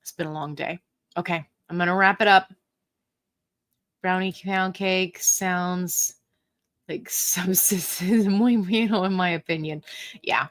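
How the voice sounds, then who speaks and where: A woman's voice: on the low side, unhurried, long pauses, a bit bright, no room sound. A woman hosting a casual live Q&A stream, reading viewer comments aloud in a chatty, playful and self-mocking way, laughing often. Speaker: livestream host.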